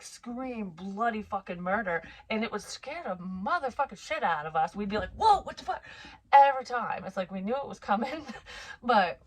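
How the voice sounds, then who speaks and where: A woman in her forties with a slightly low voice tells a personal story, frank and full of swearing. She talks in a chatty, rambling way with asides. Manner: frank and heavily profane. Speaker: psychic medium vlogger. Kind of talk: casual storytelling.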